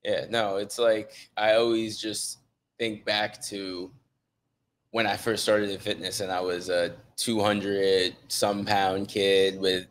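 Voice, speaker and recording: Young male coach as guest, slightly low voice, earnest storytelling. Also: level tone, takes it slowly, a little hiss or hum. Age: young adult. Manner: earnest storyteller, acts out his own thoughts. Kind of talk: casual conversation.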